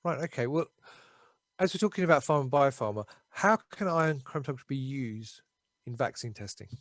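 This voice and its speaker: A man's voice: mid-range voice, expressive, fairly quick, fairly bright tone, no echo. A man from South London hosting an interview over a video call, cheerful and chatty. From South London, England. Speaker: interview host.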